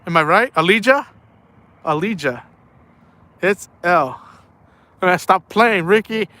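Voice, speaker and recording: A man's voice: high-pitched, expressive, slow pace, sharp tone, dry recording. A young man chatting casually on a night fishing live stream, playful and laughing often while reading chat aloud. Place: outdoors at night by the water.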